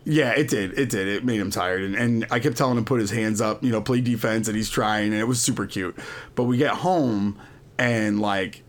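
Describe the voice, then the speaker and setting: Rambling dad telling stories, casual. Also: male voice, fairly low pitch, moderate pace. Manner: rambling storyteller, lots of "like" fillers, quotes his kids. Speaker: podcast co-host. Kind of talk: casual chat.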